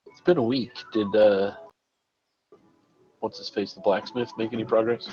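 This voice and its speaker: A man playing in a tabletop game, calling out loud quips from away from the mic. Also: on the low side, fairly even intonation, normal speed, soft background music. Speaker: player. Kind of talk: casual tabletop game chat. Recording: dull, lo-fi distant mic.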